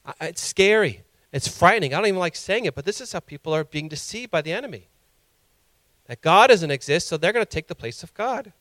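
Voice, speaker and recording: A man's voice: sits high, expressive, brisk, fairly bright tone, no room sound. A male pastor preaching a sermon with impassioned emphasis that rises to emphatic peaks.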